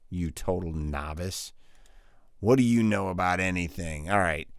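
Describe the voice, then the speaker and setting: A man's voice: low voice, a bit bright, clear, resonant tone, no room sound, clean studio sound. A male voiceover coach giving a casual online tutorial, upbeat and slangy, joking as he talks straight to the viewer.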